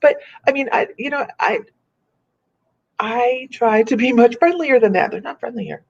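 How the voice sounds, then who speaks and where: A woman hosting a casual live-stream chat as a psychic medium, chatty and animated, laughing often. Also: on the high side, normal speed, gravelly. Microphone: computer or phone on a live video stream. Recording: muffled lo-fi stream audio.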